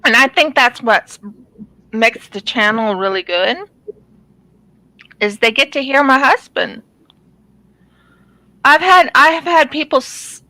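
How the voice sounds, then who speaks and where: A woman's voice: sits high, measured pace, long pauses, sharp tone, no echo, poor audio. A woman hosting a craft channel, chatting casually while she works on a painting, rambling a little with ums and restarts.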